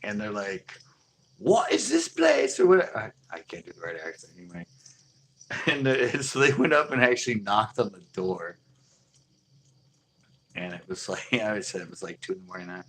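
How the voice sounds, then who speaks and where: A man's voice: deep voice, brisk, pauses often, pushed and bright, a little hiss or hum. A man hosting a live stream, telling a story in a rambling, loose way with frequent laughter. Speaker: fishing channel host.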